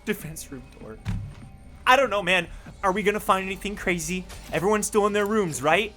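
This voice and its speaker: In a mid-range, brisk voice, a streamer reads a story game aloud as let's play commentary, reacting in a jumpy, excitable way. Faint music plays behind.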